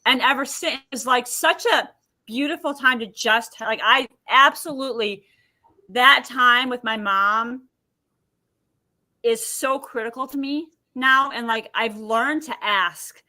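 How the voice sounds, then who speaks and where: A woman's voice: fairly high pitch, slow pace. A woman guest on a podcast interview, telling personal stories and acting out what people said. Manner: animated storyteller acting out quotes. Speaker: podcast guest, emotion healer.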